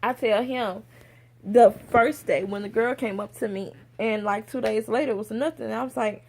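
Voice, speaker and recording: A young woman, telling a personal story to camera in a lively, casual way and acting out the people she quotes. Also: moderate pace. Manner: animated, acts out quoted people with big pitch jumps. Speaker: vlogger.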